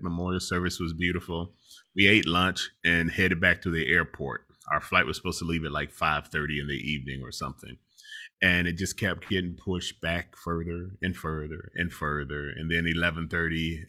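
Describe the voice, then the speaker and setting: A middle-aged man casually telling a long travel story, animated and laughing often as he talks. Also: deep voice, a little fast.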